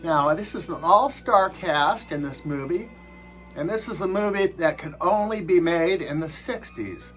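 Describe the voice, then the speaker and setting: A man's voice: on the high side, a bit bright, poor audio. A man giving a casual movie review, hesitant and full of filler sounds.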